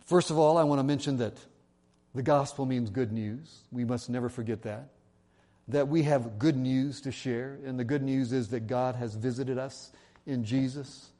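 A man delivering a sermon in a warm, mellow voice at a middle pitch. He preaches earnestly, slows down to read scripture aloud, and now and then drops in a self-deprecating aside. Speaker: pastor.

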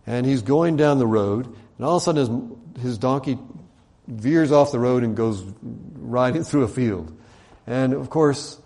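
Guy preaching, retelling a bible story all chatty, mellow low-key voice, puts on voices for the quotes. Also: a little slow. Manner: conversational, animated retelling with voiced quotes and fillers. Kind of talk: sermon storytelling.

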